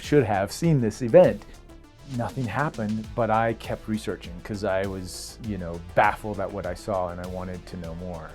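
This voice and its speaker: A man with a fairly low voice talks in a relaxed, reflective way, pausing on small fillers. He recalls a past experience in an interview. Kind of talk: casual recollection.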